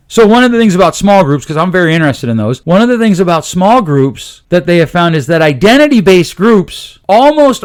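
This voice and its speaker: Lively middle-aged man talking solo. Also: high voice. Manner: lively, talks in quick asides and self-corrections; jokey, drops dad jokes. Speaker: podcast host on parenting. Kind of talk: casual solo monologue.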